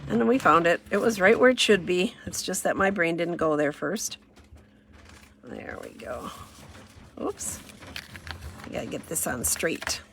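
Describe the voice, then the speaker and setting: A woman's voice: on the low side, unhurried, vocal fry, long pauses, a bit bright, a little hiss or hum. A woman running a casual crafting demo, chatty and self-deprecating, thinking aloud as she works. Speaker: craft demonstrator.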